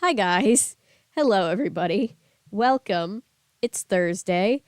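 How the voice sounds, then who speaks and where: A woman's voice: mid-range voice, animated, slow pace, a little mellow, no room sound, clean studio sound. A young woman streamer chatting casually with her viewers, sounding a little sick with a lingering cough and laughing often. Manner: chatty, laughs often, reads chat aloud. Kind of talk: casual live-stream chat.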